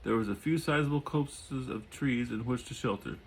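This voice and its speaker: A man reading a chapter of his own novel aloud at home, adding relaxed asides and often repeating or correcting words. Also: mid-range voice, moderate pace, husky, rough recording. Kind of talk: audiobook reading with casual asides. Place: home during a thunderstorm.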